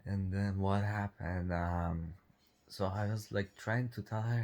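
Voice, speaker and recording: A man's voice: deep voice, fairly even intonation, takes it slowly, a little mellow. A man telling a story in a casual chat, chuckling between lines and speaking English with non-native grammar. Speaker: vlogger.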